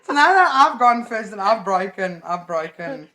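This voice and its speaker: A woman's voice: medium pitch, sing-song, moderate pace, pushed and bright. A woman co-hosting a podcast in casual chat, playful and teasing, laughing often. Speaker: podcast co-host.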